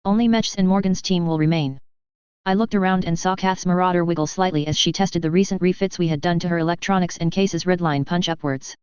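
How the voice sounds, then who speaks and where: A woman with a lowish, very crisp and clean voice reads a science fiction story aloud. Her delivery is steady and even, and the sound is dry and close with a slightly dull, narrow tone. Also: fairly quick, dry recording. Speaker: narrator. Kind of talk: audiobook narration of web fiction.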